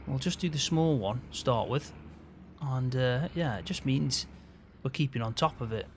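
A man's voice: medium pitch, moderate pace, a little hiss or hum. A man in casual game roleplay, chatting as a farm hand in an easygoing way with mild swearing.

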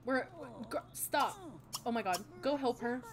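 A young woman giving casual, excitable gameplay commentary, swearing and exclaiming often. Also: fairly high pitch, unhurried, a crowd in the background. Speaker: gaming channel host.

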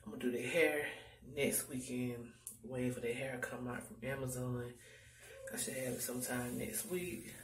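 A woman's voice: rumbling low, steady tone, moderate pace, slight background noise, low-quality recording. A pregnant mother of five, tired and out of breath, chatting casually to her vlog viewers in loose slang.

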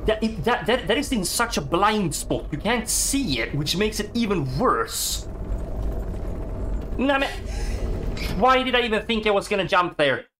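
A man giving excitable, swearing let's-play commentary while he plays a game. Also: sits high, measured pace, long pauses, a little hiss or hum. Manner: excitable, swears, talks to himself. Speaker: gaming streamer.

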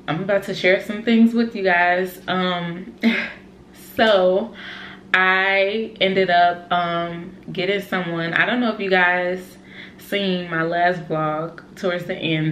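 Young woman vlogger, lowish voice, chatty and emotional, echoey room, light hiss. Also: a bit bright. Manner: chatty, emotional, many fillers like "like" and "y'all". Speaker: vlogger and mom. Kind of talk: casual chat to camera. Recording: echoey room with faint noise.

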